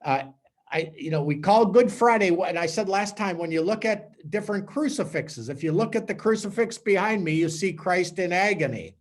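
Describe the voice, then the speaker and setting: A man, a priest, giving a conversational teaching talk to a small group with animated storytelling. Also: high voice, moderate pace.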